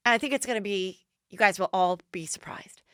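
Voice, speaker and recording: A woman putting on a loud, dramatic, bubbly woman with a shrill, theatrical way of talking. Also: brisk, smooth, no room sound, studio quality, close to an everyday voice. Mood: sweet.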